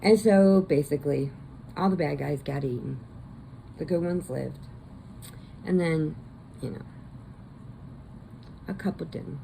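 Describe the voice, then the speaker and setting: A woman's voice: sits low, a little slow, vocal fry, pauses often, mellow, slight background noise. A woman vlogger casually recapping a movie, rambling and chatty, laughing often.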